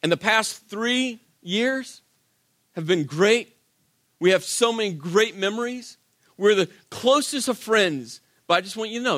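High-voiced male pastor preaching. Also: animated, a little slow, fairly bright tone, dry recording. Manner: conversational and emphatic, with rhetorical questions. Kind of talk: sermon.

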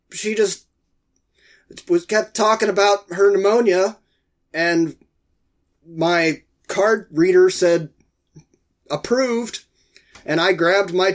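A man's voice: sits high, slow, pauses often. A middle-aged man with a head cold, chatting casually and telling a rambling, exasperated story. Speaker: podcast co-host. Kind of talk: casual chat.

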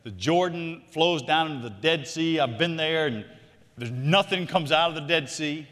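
A man preaching a sermon, animated, shifting between loud emphatic lines and quiet asides. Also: a little high, moderate pace, long reverb tail. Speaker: pastor.

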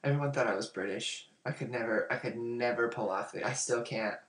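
A podcast host in relaxed conversation, chatty and often laughing. The voice sits at a middling pitch. The room adds a clear echo around every word. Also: fairly quick. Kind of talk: casual conversation.

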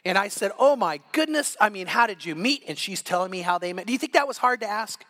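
A man's voice: high voice, animated, fast talker, bright, forceful tone. A middle-aged male pastor preaching a sermon, telling stories with quoted dialogue and frequent restarts.

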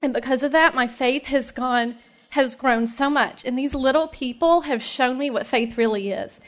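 A high, bright-pitched woman in her thirties from Tennessee, speaking with an East Tennessee Southern accent. She gives a personal faith talk to a room of mothers, chatty and heartfelt, dotting her sentences with "um" and quick laughs. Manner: chatty and heartfelt, many fillers, laughs often. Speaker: speaker at a moms' ministry meeting.

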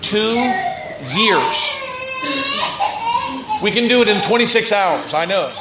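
A man's voice: sits high, animated, slow pace, heavy background noise. A man preaching a sermon as pastor, earnest, with rising and falling intensity. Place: church sanctuary. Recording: echoey church room.

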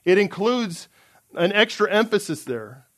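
A man's voice: sits high, big pitch swings, measured pace. A man preaching a sermon in an earnest, emphatic way, reading out scripture passages.

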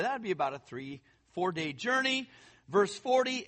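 A man preaching a sermon, reading scripture aloud and talking to his listeners in a conversational, animated way. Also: high voice, normal speed. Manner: conversational, addresses listeners as friends; animated, puts on quoted voices while reading. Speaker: pastor.

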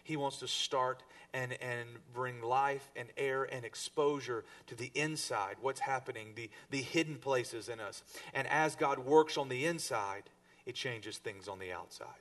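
A man preaching a sermon to his congregation, rising to stress a point and then dropping low. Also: measured pace, far from the mic. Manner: preaching to a congregation, with emphatic rises and soft drops. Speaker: pastor.

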